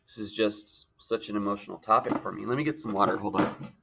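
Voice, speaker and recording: Bright-voiced joking male teacher. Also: on the low side, fairly even intonation, a little fast, vocal fry, slight background noise. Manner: playful, joking asides. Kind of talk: jokey classroom lecture.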